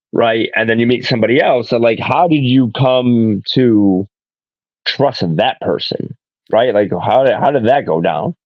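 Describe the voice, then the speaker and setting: A man's voice: medium pitch, dry recording. A man hosting a podcast in casual interview chat, blunt and profane, often laughing along. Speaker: podcast host. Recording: dull, slightly lo-fi dry sound.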